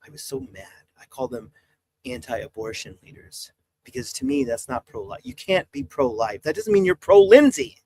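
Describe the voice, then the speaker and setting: A man's voice: medium pitch, very animated, normal speed, warm tone, breathy edge. A man in his forties, a priest talking on a live stream, exasperated and preachy as he urges his viewers. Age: 40s. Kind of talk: impassioned live-stream talk.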